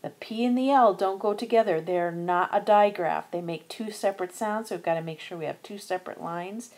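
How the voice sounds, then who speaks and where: Sounding out letters and syllables one by one, a woman narrates an instructional screencast as a teacher educator. Her mid-range voice is a little mellow and moves at a fairly quick pace.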